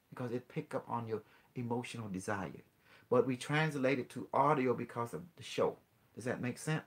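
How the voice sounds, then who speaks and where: A man hosting a call-in show, earnestly explaining ideas in halting, non-native English, with many restarts and rhetorical questions. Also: medium pitch, fairly bright tone. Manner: earnest explaining, mixes in quoted dialogue with a device. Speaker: host.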